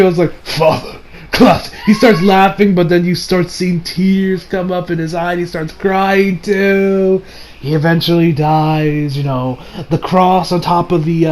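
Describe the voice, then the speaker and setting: A man with a slightly higher voice rambles through an anime episode recap, stumbling over restarts and filler words. He gets loud and laughs when he gets excited. A faint hiss sits under the recording. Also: poor audio. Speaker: anime reviewer.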